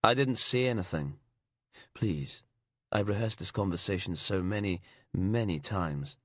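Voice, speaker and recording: A man performs a creepy male killer in an audiobook thriller, speaking low and slow with a put-on English accent that slides into Aberdonian. He is smug and sinister, his menace edged with something childish. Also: animated, dry recording, clean studio sound. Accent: put-on English slipping into Aberdonian.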